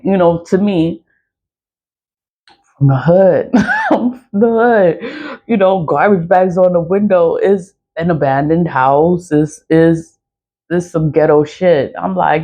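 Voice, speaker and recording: A woman's voice: low voice, a little slow, mellow. Casual blunt woman in her forties ranting, lots of swearing and laughs, kinda muffled lo-fi audio. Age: 40s. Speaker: spiritual products seller. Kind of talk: casual storytelling rant. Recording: dull lo-fi recording.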